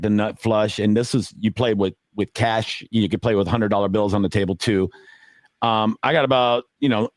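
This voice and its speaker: A man's voice: on the low side, no room sound. A man on a poker podcast, telling a story in a casual, rambling way with many fillers and acted-out quotes.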